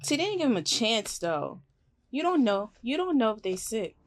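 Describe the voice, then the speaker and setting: A woman's voice: on the high side, big pitch swings, normal speed. A woman hosting a reaction video, talking in an emotional, slangy way. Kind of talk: casual reaction commentary.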